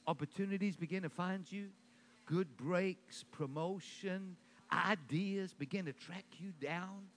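A man's voice: high-pitched, fairly bright tone. A man preaching a sermon as pastor, emphatic, with call-and-response to his congregation.

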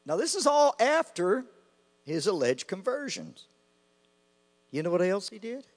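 A man preaches with slow, deliberate passion, his voice leaping high and dropping low as he repeats his phrases. The sound rings through a large reverberant hall. A faint mains hum sits underneath. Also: big pitch swings. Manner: impassioned, rising and falling sharply, repeating phrases. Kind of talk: sermon.

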